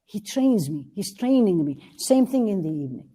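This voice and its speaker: Woman giving a religious class, mellow voice, earnest, asks the room questions. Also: medium pitch, big pitch swings, slightly rough. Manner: recites Arabic verses quickly. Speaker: religious teacher.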